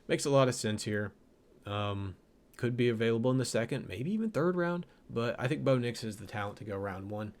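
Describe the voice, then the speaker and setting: A man's voice: mid-range voice, expressive, a little fast, a little mellow. A young man giving casual, rambling football draft commentary, correcting himself and laughing at his own jokes. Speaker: draft analyst host.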